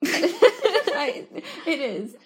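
A woman with a high voice co-hosting a casual home video. She teases her sister and bossily keeps telling her to slow down. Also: huge pitch swings. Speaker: co-host of a home video channel. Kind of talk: casual chat.

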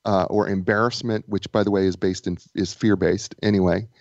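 A man co-hosting a casual talk show and author of a book, telling stories with animated repetition and false starts. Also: fairly low pitch, a little fast, no room sound, dull audio. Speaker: podcast co-host and author. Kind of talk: casual chat.

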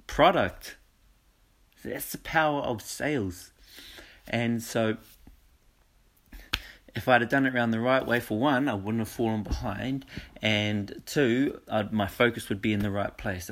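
A man talking casually to listeners, telling stories with lots of energy and frequent laughs. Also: medium pitch. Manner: animated storytelling with frequent laughs. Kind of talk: casual monologue.

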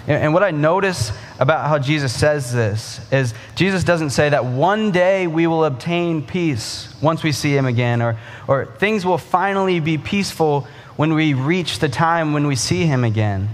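A man preaching a sermon, earnest, slowing down to stress key phrases. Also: a little high, in a large hall.

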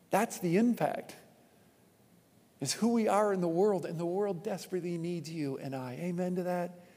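A man preaching a sermon as pastor from a church stage, animated and repeating his points for emphasis. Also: sits high. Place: church auditorium with long reverb. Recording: long hall reverb.

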